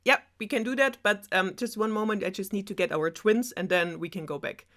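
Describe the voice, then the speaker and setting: A woman's voice: medium pitch, a little fast, fairly bright tone, close to an everyday voice. A woman with a German accent voicing a gushing young fairy-tale princess, giddy and breathless.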